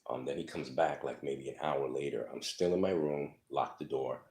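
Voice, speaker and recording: A man's voice: rumbling low, fairly even intonation, normal speed, a little mellow. A man telling his life story casually, profane and rambling, full of fillers, acting out the people in his stories.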